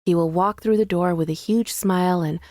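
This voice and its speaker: A woman narrating a first-person audiobook in a measured, intimate way, recorded in a dry studio booth. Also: on the low side, warm tone, dry recording.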